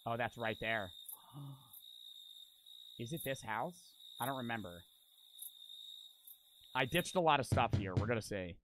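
A man's voice: medium pitch, lively intonation, slow pace, pauses often, noisy background. Young man muttering over a game stream. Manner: offhand, swearing, mutters to himself. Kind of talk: casual gameplay commentary.

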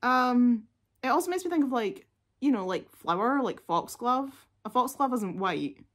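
A woman's voice: on the high side, animated, moderate pace. A woman, chatting casually and gushingly as a music reaction vlogger, with lots of fillers.

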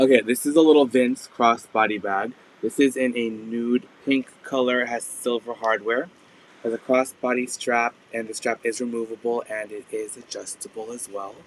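Hoarse man hosting a live sale. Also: medium pitch, a little hiss or hum, rough recording. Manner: chatty, describes items in detail. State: hoarse, losing his voice. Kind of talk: casual live-stream sales pitch.

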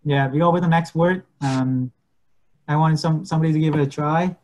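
A man teaching medical English in an online class, patiently repeating words slowly and switching languages. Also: on the high side, fairly even intonation, a little mellow.

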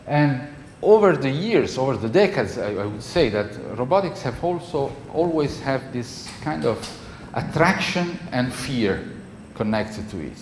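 Speaking with an Italian accent, a male professor delivers a conversational classroom lecture and frequently checks in with the class. His mid-range voice is very animated, at a measured pace with hardly any pauses; the echoey hall carries faint background noise.

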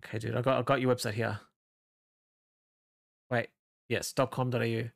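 An artist with an Australian accent chatting casually with a livestream chat while drawing, with bursts of excitement when reading chat and quiet muttering while working. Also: medium pitch, normal speed, gravelly. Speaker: artist streaming a drawing session.

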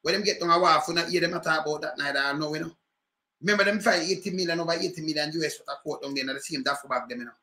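High bright Jamaican man ranting. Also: rapid-fire, roomy sound. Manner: animated patois ranting, repeated rhetorical questions. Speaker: commentator. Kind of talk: livestream political commentary.

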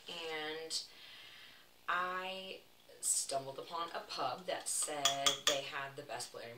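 A young Southern woman with a low voice chats and laughs through a story as she bakes. She is heard from some distance in an echoey room, with clear noise behind her. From Texas. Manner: chatty, laughing, playful asides. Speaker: vlog host. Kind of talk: casual storytelling while baking.

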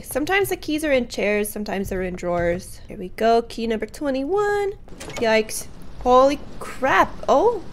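A woman's voice: on the high side, a little hiss or hum. A woman giving jumpy, exclamatory commentary while playing a horror game, gasping and reacting aloud. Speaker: gaming YouTuber. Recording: faint game music behind.

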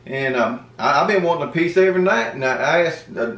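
Lively joking man, echoey room. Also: on the high side, fairly quick. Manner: joking, playfully indignant. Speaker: homestead vlogger. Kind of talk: casual family chat to camera. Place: home room. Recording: echoey room, mic at a distance.

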